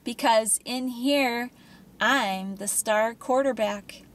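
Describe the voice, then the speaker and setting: A woman voicing a cruel teenage girl who taunts and mocks her captive, slow and menacing. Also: on the high side, fairly bright tone, a little hiss or hum. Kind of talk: audiobook character voice.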